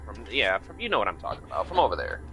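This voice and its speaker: A man's voice: fairly low pitch, wildly swooping pitch, very fast, bright, forceful tone, soft background music. A man from Michigan chatting casually with viewers while streaming a game, rambling and greeting people by name. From Michigan, United States. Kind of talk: casual live-stream chat while playing.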